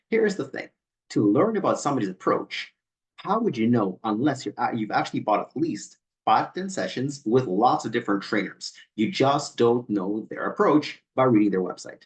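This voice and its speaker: A man's voice: medium pitch, expressive, moderate pace. A man who is a personal trainer, reading emails aloud and picking them apart in a skeptical, pointed way, often restarting on repeated words. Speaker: personal trainer and channel host.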